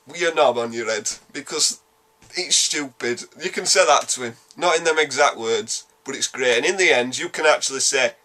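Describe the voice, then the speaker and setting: A man with a Yorkshire accent giving a casual spoken game review, animated, blunt and sweary, rambling quickly through his points. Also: medium pitch. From Yorkshire, England.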